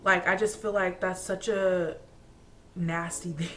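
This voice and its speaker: A woman's voice: lowish voice, fairly even intonation, measured pace. Chatty young woman ranting with laughs. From Atlanta, Georgia. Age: young adult. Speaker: vlogger. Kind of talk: casual chat.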